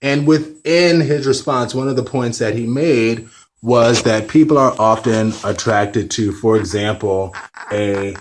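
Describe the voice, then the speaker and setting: A man's voice: mid-range voice, steady tone, a little slow, rough recording. A man talking candidly to camera in a casual vlog, rambling with self-deprecating, apologetic asides. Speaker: vlogger.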